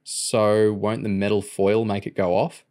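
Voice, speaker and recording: A man voicing an excitable, jittery teenage boy in an audiobook reading. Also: on the low side, measured pace, natural voice. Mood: excited. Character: excitable teenage boy, cheeky shoplifting sidekick.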